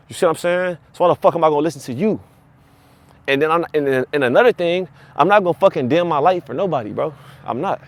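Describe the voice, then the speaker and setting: Fast-talking, profane man ranting. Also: on the high side, no room sound. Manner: profane, animated, repeats himself. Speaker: vlogger. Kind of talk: casual storytelling rant.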